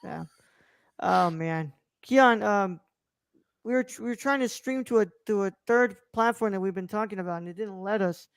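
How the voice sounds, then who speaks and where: A man's voice: high-pitched, normal speed, creaky, smooth, no room sound, clean studio sound. A man co-hosting a podcast in casual chat, rambling with lots of fillers like "what's it called". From United States. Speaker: podcast co-host.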